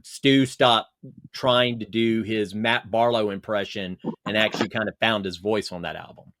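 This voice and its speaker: A man's voice: fairly low pitch, fairly even intonation, moderate pace, fairly bright tone, no room sound. Rambling man on a dry call. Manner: rambling, many fillers and restarts. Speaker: podcast guest. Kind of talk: casual video-call chat.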